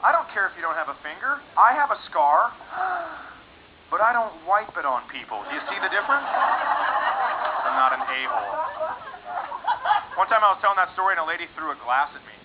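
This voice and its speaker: A man doing a stand-up comedy set, delivering crude, brash punchlines and sometimes shouting. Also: sits high, big pitch swings, brisk, long pauses. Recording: dull lo-fi live recording, loud noise.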